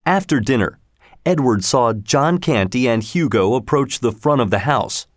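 A man narrating a storybook aloud in a measured, expressive way. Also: mid-range voice, dry recording, studio quality.

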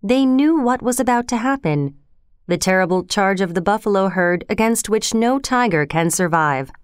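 A woman narrating a children's adventure story in a steady, expressive way. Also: medium pitch, normal speed, clean tone, no echo, studio quality. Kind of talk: scripted narration.

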